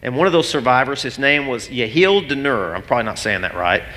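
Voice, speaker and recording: Bright-voiced man preaching in a reverberant hall. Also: mid-range voice, lively intonation, a little fast. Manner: earnest storytelling, turns emotional and laughs it off. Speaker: pastor. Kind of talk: sermon.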